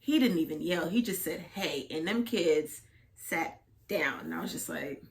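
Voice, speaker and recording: A young woman co-hosting a relaxed conversation, with a voice a touch lower than most. She teases playfully and tells lively stories. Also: normal speed. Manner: playful, teasing, storytelling. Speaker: podcast co-host. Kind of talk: casual chat.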